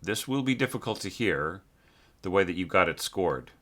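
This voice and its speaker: A man teaching orchestration, giving a casual critique of a score. He talks haltingly with many fillers and sings phrases to demonstrate. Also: deep voice, expressive, fairly bright tone.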